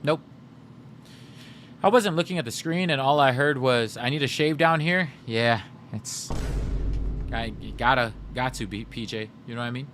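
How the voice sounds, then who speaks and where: A man's voice: mid-range voice, moderate pace, pauses often, fairly bright tone, a little hiss or hum. A male game streamer in casual livestream chat, joking and chatty as he reads chat aloud.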